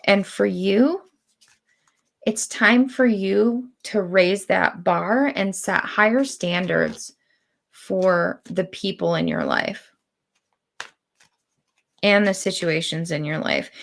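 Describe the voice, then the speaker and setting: A woman giving spiritual readings on a live stream, speaking in slow, deliberate, drawn-out phrases. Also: on the low side, vocal fry. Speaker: spiritual reader.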